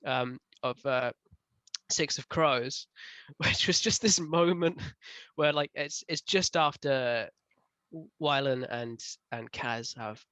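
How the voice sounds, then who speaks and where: A man co-hosting a casual book club review, talking in an animated way with frequent laughs. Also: medium pitch, takes it slowly, clear, resonant tone, no room sound. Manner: animated, laughs often, rises loud when ranting.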